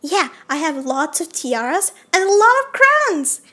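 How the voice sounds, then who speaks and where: A woman's voice: very high voice, sing-song, measured pace, pushed and bright, heavily acted. A woman voicing a sweet little girl who hosts a pretend tea party in an audio role-play, talking earnestly with childlike put-on fancy manners. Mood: chatty, eager. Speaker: voice actor.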